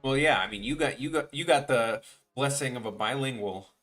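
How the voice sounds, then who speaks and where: A man casually chatting while he works on a live stream, rambling and restarting his sentences, and turning animated and incredulous when he tells a story. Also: mid-range voice, a little fast, faint music behind. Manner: rambling and offhand, trailing off and restarting.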